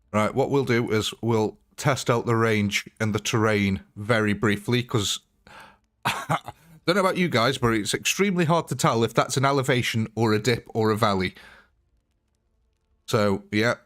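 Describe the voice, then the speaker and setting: Streaming a game live, this man talks in a fairly low voice, casually rambling through his thoughts as he plays. He drops little asides, stays chatty and laughs frequently.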